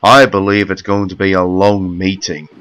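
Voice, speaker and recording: A man's voice: low voice, level tone, normal speed, fairly bright tone, clean tone. A man voicing a stern, worried male railway director in a fan-made storybook reading, firm and apologetic.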